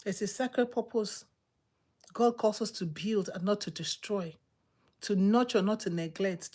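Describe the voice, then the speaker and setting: Preaching with exhortation, a woman repeats herself emphatically, her delivery shifting from quiet murmurs to loud bursts.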